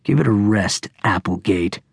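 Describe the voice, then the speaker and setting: A nervous teenage boy hiding behind sullen sarcasm, as a male audiobook narrator voices him. His lines come out cold and needling. The voice is husky and dry, with no room sound. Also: on the low side, lively intonation, unhurried, a little mellow, no room sound. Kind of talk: audiobook character voice.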